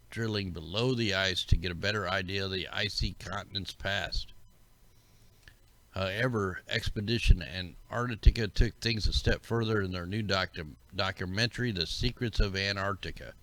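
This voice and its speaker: A man with a very deep, gravelly voice that still carries a bright, forceful edge. He rambles through a casual livestream, musing suspiciously to his viewers. The sound is dry and close to the mic. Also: dry recording. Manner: rambling, conspiratorial, talks to chat viewers. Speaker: livestream host. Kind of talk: casual commentary over maps.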